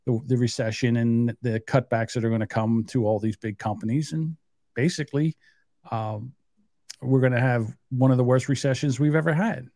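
A man's voice: mid-range voice, steady tone, moderate pace, warm tone, no room sound, clean studio sound. A man co-hosting a casual podcast who rambles and banters with many fillers. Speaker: podcast co-host.

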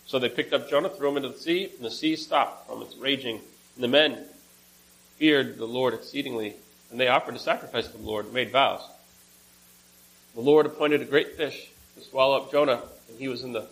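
A man's voice: mid-range voice, fairly quick, long pauses, a bit bright, rough recording. A man preaching, reading a scripture passage aloud with casual asides and small self-corrections.

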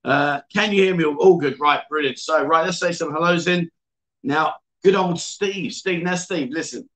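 A man's voice: fairly high pitch, normal speed, a bit bright, poor audio. A man hosting a casual livestream, chatting and reading viewer comments aloud with lots of fillers. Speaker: livestream host. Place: indoor venue.

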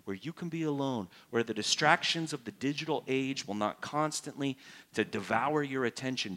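A man preaching a sermon as a pastor, asking his congregation direct questions and jumping up in pitch and volume to make a point. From United States. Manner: animated, rises sharply for emphasis and mock-prayer voices.

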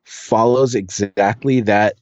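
Lively American man, dull dry audio. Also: on the low side, dry recording. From United States. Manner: animated, quick talker with fillers and restarts. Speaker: podcast guest. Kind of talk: casual conversational interview.

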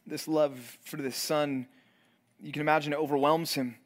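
A man, a pastor, preaching a sermon in an earnest way, his voice swelling and then dropping low for emphasis, often repeating words as he builds. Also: steady tone, moderate pace. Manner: repeats and restarts words while building intensity.

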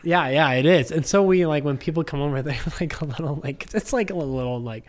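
A man's voice: fairly high pitch, fairly quick. A man telling a long anecdote as a podcast guest in his living room, rambling with plenty of "like" and acting out what people said. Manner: rambling, heavy use of "like", acts out quoted speech. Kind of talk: casual storytelling chat.

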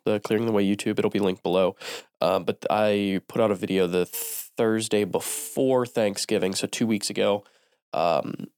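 A man hosts a small business podcast, chatting casually on his own in a fairly low, clean voice that sounds stuffy and nasal from a cold. He's relaxed and drops in plenty of ums and uhs. The studio recording is clean, with no room sound.

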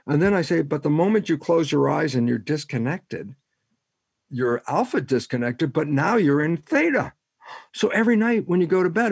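Husky-voiced older man explaining animatedly. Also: fairly high pitch, no echo. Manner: animated storyteller, acts out both sides of dialogues. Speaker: guest scientist and author. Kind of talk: explanatory interview talk.

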